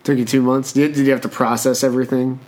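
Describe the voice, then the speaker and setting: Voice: mid-range voice, flat delivery, fast talker, darkish tone. A podcast host interviewing a guest with short, curious follow-up questions.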